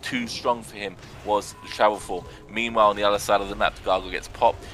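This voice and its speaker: A young man giving sarcastic, excitable commentary on a video game match and swearing now and then. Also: on the low side, fast talker, soft background music. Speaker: arena commentator.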